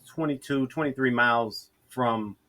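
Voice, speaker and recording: A man's voice: medium pitch, measured pace, pushed and bright. A middle-aged man from Georgia telling his story in a casual interview, talking unhurriedly with frequent restarts. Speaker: interview guest.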